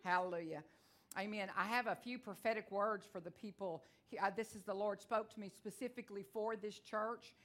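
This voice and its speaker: A woman's voice: mid-range voice, fairly even intonation. Fervent Texan woman preacher. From Texas. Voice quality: country twang, fast-talking. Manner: fervent, rises to loud declarations. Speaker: guest preacher. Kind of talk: sermon with personal testimony.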